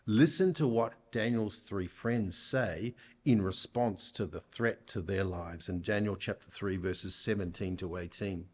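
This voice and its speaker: A man preaching a sermon in church, speaking deliberately and putting rhetorical questions to his listeners. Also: on the low side.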